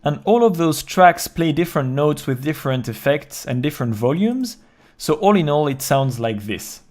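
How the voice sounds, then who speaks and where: Man calmly walking through his music production. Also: a little high, normal speed. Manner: calm step-by-step walkthrough, counting beats aloud. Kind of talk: explaining a music production process.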